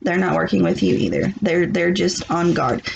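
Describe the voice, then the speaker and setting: Blunt, gravelly woman reading tarot. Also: on the low side, lively intonation, moderate pace, noisy background. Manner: blunt, laughing, rambling with restarts. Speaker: tarot reader. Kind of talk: casual tarot reading vlog. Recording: muffled lo-fi recording.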